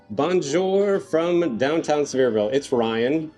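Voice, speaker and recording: A man's voice: on the high side, expressive, slow pace, a little mellow, soft background music. A man with a Southern US accent hosting a casual travel vlog in a café, easygoing and joking. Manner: joking, easygoing, playful self-teasing. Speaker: vlog host. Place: small café indoors.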